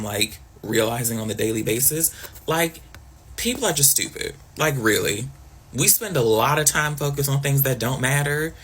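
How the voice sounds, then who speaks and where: A man's voice: medium pitch, gravelly, fairly bright tone, a little hiss or hum. A man ranting bluntly to the camera, exasperated and heavy on slang. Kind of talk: casual opinion rant to camera.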